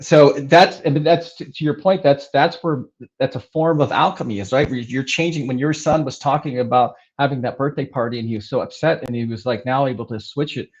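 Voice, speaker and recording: A man's voice: medium pitch, a little mellow. Earnest man, dull lo-fi audio. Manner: earnest, repeats words, often asks "right?". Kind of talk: casual conversation. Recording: dull lo-fi sound.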